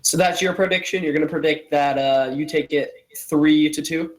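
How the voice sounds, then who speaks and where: A man's voice: fairly high pitch, fairly even intonation, moderate pace, low-quality recording. A man hosting a casual live-streamed show, upbeat and eager as he hypes upcoming matchups. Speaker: show host.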